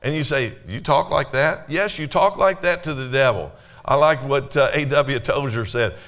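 A man's voice: mid-range voice, moderate pace, fairly bright tone. A man preaching a sermon in a church, talking to his congregation in a conversational way, with rhetorical questions and quoted scripture. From Canada. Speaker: pastor.

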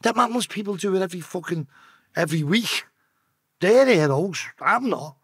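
Liverpool man, husky, higher voice, dry close sound, swears through a story. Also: animated, moderate pace, fairly bright tone. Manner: swearing, acting out voices in his tale. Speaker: podcast guest. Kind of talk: emotional storytelling.

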